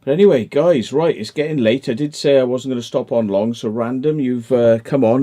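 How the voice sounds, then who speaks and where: A man's voice: mid-range voice, dark tone. A man hosting a livestream, rambling and joking in casual chat. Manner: rambling, self-deprecating, quick to joke. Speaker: livestream host.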